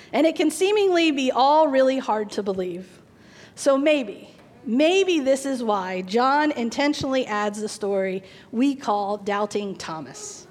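A woman pastor preaching a sermon, telling stories in an animated way and laughing at her own punchlines, in a church. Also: high voice, in a large hall.

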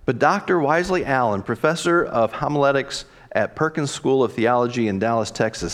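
Male pastor, sermon, reflective, expressive, animated pitch. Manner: reflective, animated preaching with expressive quoted dialogue.

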